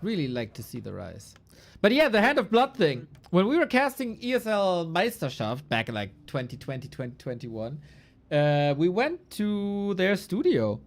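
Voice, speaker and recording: A woman's voice: lowish voice, wildly swooping pitch, normal speed. A woman esports caster chatting casually on a live stream, loose and playful, swearing and chuckling as she goes through rankings.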